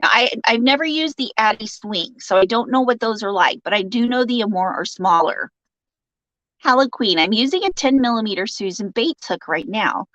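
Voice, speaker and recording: A woman's voice: a little high, animated, normal speed, fairly bright tone, dry recording, highs cut off. A woman hosting a casual live stream, reading out viewer comments, joking and laughing often and turning sympathetic when someone shares bad news. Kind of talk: casual chat.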